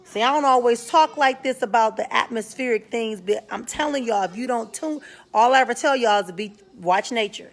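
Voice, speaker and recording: A woman's voice: a little high, a little fast. Frank, slangy woman hosting a live talk. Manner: frank, slangy, greets viewers by name mid-sentence. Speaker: spiritual talk show host. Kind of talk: casual live-stream talk to viewers.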